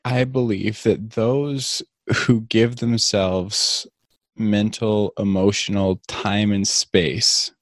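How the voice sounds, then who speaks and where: A man hosting an interview, asking long, deliberate questions in a measured way. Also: lowish voice, fairly even intonation, no echo, studio quality. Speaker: interview host.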